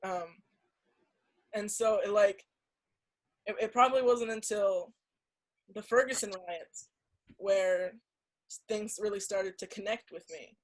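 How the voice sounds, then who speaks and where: A young woman with a mid-range voice is a podcast guest in a casual conversation, captured on a rough recording. She earnestly recounts a story, halting often with restarts and lots of "like" fillers.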